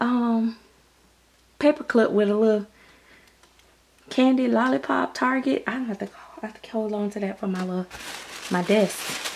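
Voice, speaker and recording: A woman unboxing mail at home, gushing and gasping as she chatters. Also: fairly high pitch. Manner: gushing, excitable, gasping and repeating phrases. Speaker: vlogger opening mail. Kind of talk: casual unboxing chat. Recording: noisy home recording.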